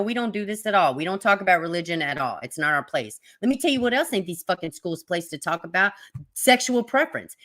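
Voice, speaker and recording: A woman's voice: medium pitch, a bit bright. A woman ranting in a profane, angry, exasperated way as she reacts to news articles on camera. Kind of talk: ranting commentary vlog.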